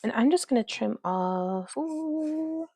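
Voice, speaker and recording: A woman's voice: high-pitched, animated, slow, very noisy. A woman hosting a casual crafting livestream, chatting as she works and reading viewer comments aloud. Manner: chatty, reads viewer comments aloud, talks to her dog.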